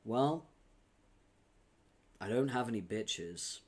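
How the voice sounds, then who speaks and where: A man streaming at his desk mic, reading a webcomic aloud and breaking off to chat with his viewers. His talk is loose and casual, full of quick laughs and offhand swearing. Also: fairly low pitch, expressive, breathy edge. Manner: laughs often, swears casually, chatty asides.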